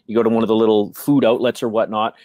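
A man's voice: fairly low pitch, flat delivery, quick pace, a little mellow, no room sound. A man co-hosting a business chat, emphatic and motivational, asking rhetorical questions and often tagging on "right?". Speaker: podcast co-host.

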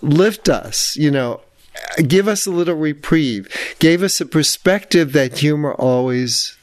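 A man's voice: on the high side, animated, unhurried, no echo. Older new york guy in a studio, dry close sound, laughs through his stories. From New York City. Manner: laughs while telling stories. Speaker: guest author. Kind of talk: interview storytelling. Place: radio studio.

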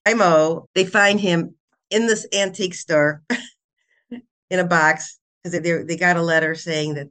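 An older woman, a children's author and guest, retelling her book's plot in a casual, animated way with laughs. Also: on the low side, a little slow. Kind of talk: casual storytelling interview.

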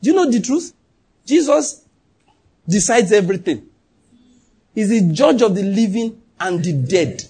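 A male pastor delivers an emphatic sermon in a high, husky voice. He drives each point home and keeps turning to his listeners with questions. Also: big pitch swings, measured pace, long pauses, mellow.

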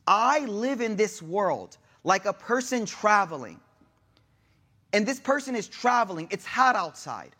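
A man giving a sermon, retelling an old story in a relaxed, conversational way with everyday asides and Arabic phrases mixed in. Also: high voice, measured pace. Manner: mixes in Arabic honorifics and quotes. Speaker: preacher.

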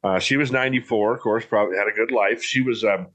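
A man's voice: fairly low pitch, quick pace, a bit bright. A middle-aged man talking in a casual, rambling, folksy way with frequent restarts. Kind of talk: casual chat.

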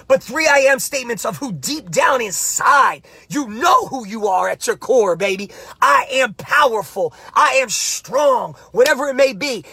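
A man giving a motivational podcast pep talk as a coach, emphatic and repetitive, with shouted bursts. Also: very high voice, husky, no echo.

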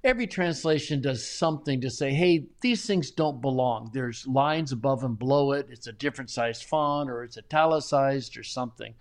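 A middle-aged man talking as a guest in a casual interview, animated and often chuckling, with frequent restarts. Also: mid-range voice, fairly quick, few pauses. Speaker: Bible translator guest.

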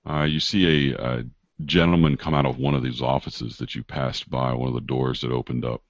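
A man running a tabletop game as game master, narrating haltingly and searching for words with many fillers. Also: rumbling low, flat delivery, vocal fry, no room sound. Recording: dull dry lo-fi recording.

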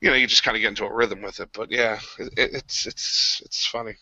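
A man's voice: on the low side, steady tone, fast talker, bright, forceful tone, husky, dry recording, dull audio. A man in his thirties from New Jersey, a podcast guest chatting casually and easily, full of fillers. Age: 30s. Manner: easygoing, filler-heavy, laughs along.

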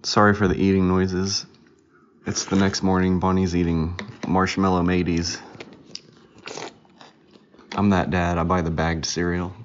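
A man's voice: sits low, completely flat delivery, normal speed, highs cut off. A man in his thirties, a podcast host chatting casually and teasingly with his young daughter at home. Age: 30s. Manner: playful, teasing, joking.

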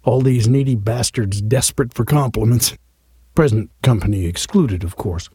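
A smooth, flattering male editor in an audiobook, with a dark, husky tone, as the narrator puts him on. The sound is dry and close. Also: mid-range voice, moderate pace, no room sound. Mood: glib.

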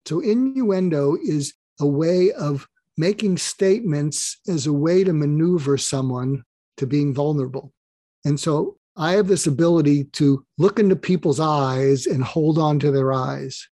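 A man's voice: fairly high pitch, a little slow, mellow, no echo. An older man, a psychiatrist guest on an interview show, telling a story and acting out the exchanges he quotes.

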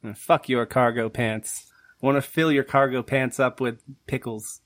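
A joking, irreverent man chats as a player on a tabletop game podcast. His mid-pitched voice is recorded dry and close, with no room sound. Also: steady tone, measured pace, a bit bright, no room sound. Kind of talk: casual podcast banter.

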